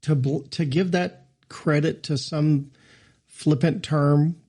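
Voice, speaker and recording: A man's voice: a little high, fairly even intonation, slow, a little mellow, husky. A male podcast co-host in casual chat, mixing joking asides with earnest reflection.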